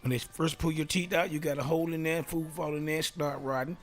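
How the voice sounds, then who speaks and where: A man's voice: fairly high pitch, fairly even intonation, brisk. A man hosting a casual solo talk show, reading aloud and joking around, laughing often and dropping into whispered asides. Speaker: radio host.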